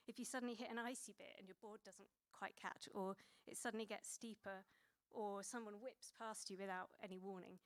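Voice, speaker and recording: Conversational woman preaching with a smooth voice. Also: mid-range voice. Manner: conversational, with many fillers and self-corrections. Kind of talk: sermon.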